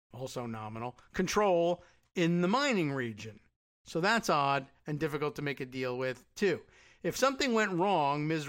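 A man's voice: a little high, a bit bright. A man reading a news article aloud and breaking off into casual, sardonic commentary full of asides and fillers.

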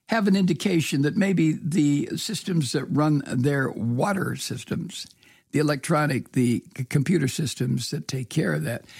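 A man's voice: on the high side, creaky, a little mellow, breathy edge, no echo, studio quality. An American man giving casual news commentary, angry and sarcastic, swearing, with many ums and uhs. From United States. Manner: angry, sarcastic, profane ranting with many fillers. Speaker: political commentator.

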